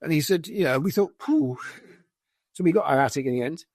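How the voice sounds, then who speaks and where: A British man, a former soldier and podcast guest, telling lively anecdotes full of quoted dialogue in a casual conversation. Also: a little high, rapid-fire, no room sound, clean studio sound. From Britain. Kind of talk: conversational storytelling.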